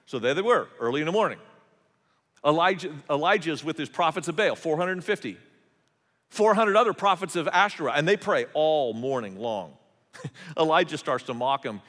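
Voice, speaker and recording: A man's voice: high-pitched, big pitch swings, moderate pace, a bit bright. A male pastor preaching a sermon, telling the story conversationally with humorous asides. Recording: long hall reverb.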